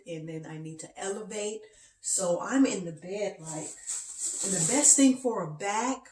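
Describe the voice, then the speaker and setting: A woman's voice: fairly low pitch, echoey room, recorded from a distance. A woman chatting to camera from her bed and explaining things step by step. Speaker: vlogger. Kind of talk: casual talk to camera. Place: bedroom, lying in bed.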